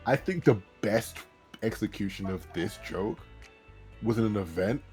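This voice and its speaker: A man's voice: on the low side, expressive, measured pace, darkish tone, faint music behind. A man on a voice call, telling a funny story with many restarts. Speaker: friend on voice call. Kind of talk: casual chat.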